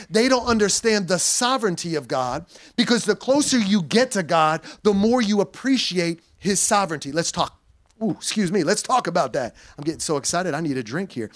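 A male pastor delivering a sermon in a high-pitched voice. He preaches in an animated, conversational way, reading scripture and dropping in playful slang asides.

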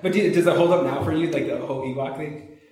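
Easygoing male co-host, mid-pitched voice, heavy room echo on the mic. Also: fast, over a noisy crowd. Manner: easygoing, laughs often. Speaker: podcast co-host. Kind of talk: casual chat. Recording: very roomy echo.

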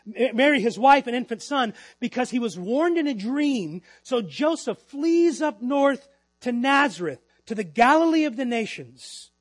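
A middle-aged male pastor with a fairly high voice delivers a sermon in church. He rises to loud, emphatic lines and then drops to quiet, slowed phrases. The recording is dry and close, with a faint mains hum underneath. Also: breathy edge, no room sound. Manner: preaching with swings between loud emphasis and quiet, drawn-out lines.

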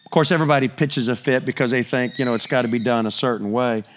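A middle-aged man preaching a sermon, animated, his voice climbing higher when he gets excited. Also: fast, slight background noise.

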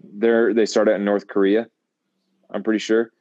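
Young dude co-hosting, low voice, kinda muffled lo-fi mic, jokey. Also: male voice, little pitch movement, moderate pace, darkish tone, no echo. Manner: goofy, laughing, jokey put-on accents. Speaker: podcast co-host. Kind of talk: casual chat. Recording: dull lo-fi sound.

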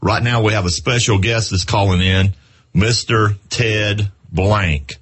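Southern guy hosting a radio show, low husky voice, chatty and folksy. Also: takes it slowly, a bit bright. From South Carolina. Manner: folksy, chatty, laughs easily. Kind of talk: casual radio chat.

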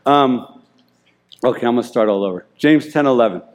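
A man giving an informal, excited sermon, rambling and self-deprecating as he reads scripture aloud. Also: medium pitch, fairly quick. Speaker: lay preacher.

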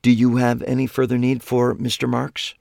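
A man's voice: medium pitch, monotone, normal speed, gravelly, darkish tone, no echo, pitched above the performer's own voice. A man voicing a sardonic woman police officer who speaks dryly and teases. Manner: dry, sardonic. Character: dry, teasing woman police officer, middle-aged.

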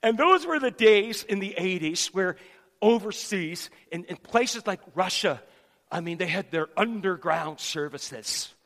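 A man preaching, telling a story in an animated way and repeating words as he goes, in a reverberant church hall. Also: high voice, a little slow. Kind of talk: sermon storytelling.

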